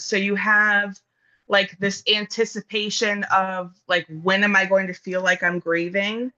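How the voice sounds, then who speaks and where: A woman's voice: medium pitch, pushed and bright, lo-fi sound. A woman in an earnest, casual conversation about grief, thinking aloud with fillers and restarts. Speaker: guest speaking on grief.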